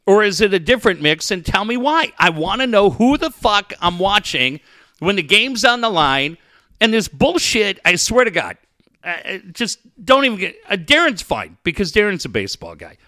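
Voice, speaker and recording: A man tears into local sports radio in a high, bright, wildly swinging voice. He swears nonstop and keeps the rant boiling. The sound is dry and close. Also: very animated, normal speed, no echo. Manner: ranting, heated, swears constantly. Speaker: podcast co-host.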